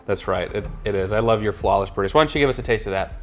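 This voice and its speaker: A man's voice: lowish voice, very fast. A young man hosting a movie reaction video, chatting casually with a playful, teasing manner. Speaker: host of a movie reaction channel. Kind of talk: casual chat.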